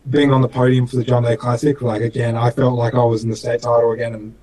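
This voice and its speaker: A man's voice: medium pitch, flat delivery, fast, dark tone, low-quality recording. A young man with an Australian accent, telling racing stories in a casual interview in an earnest, rambling way, full of fillers. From Western Australia. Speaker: racing driver guest.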